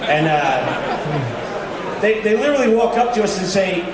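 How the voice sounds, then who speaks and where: A man's voice: a little high, expressive, moderate pace, pauses often. A man telling an anecdote with animation, swearing freely and acting out what people said. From New York. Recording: echoey, distant, with crowd noise.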